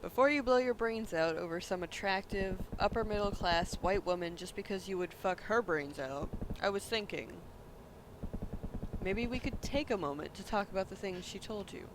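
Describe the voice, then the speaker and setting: A man's voice: high-pitched, normal speed, noisy background, lightly acted. A man reading the lines of a scornful male talk-show pundit who lectures in a sneering way.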